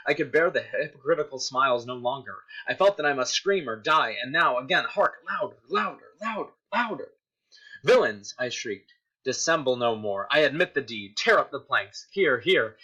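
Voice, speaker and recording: A man's voice: mid-range voice, lively intonation, normal speed, slightly rough. A man reading as a frantic guilty murderer. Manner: dramatic reading, rising to shouts. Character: frantic guilt-ridden male murderer confessing. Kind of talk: dramatic story reading. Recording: dull lo-fi recording.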